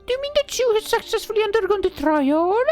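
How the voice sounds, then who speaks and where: A woman's voice: extremely high pitch, expressive, quick pace, a little mellow, soft background music, pitched above the performer's own voice. A woman voicing an anxious young princess who is turning into a fairy, speaking in an earnest, fretful, questioning way. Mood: curious.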